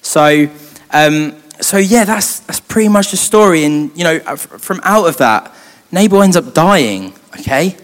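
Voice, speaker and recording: A man's voice: a little high, expressive, unhurried. A young man, a youth leader, telling a Bible story in a chatty way with joking asides. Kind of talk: casual Bible storytelling talk. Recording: long hall reverb.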